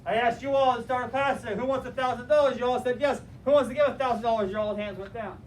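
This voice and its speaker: A man teaching a class, telling a story in an animated, direct and motivational way. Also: very high-pitched, fast. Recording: distant mic with faint room noise.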